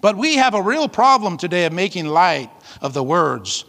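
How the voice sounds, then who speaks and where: A man's voice: sits high, animated, normal speed, gravelly, few pauses, bright, forceful tone. A man pastor preaching a sermon with emphatic, fiery delivery and call-outs to the congregation. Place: church hall. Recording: long reverb of a large hall.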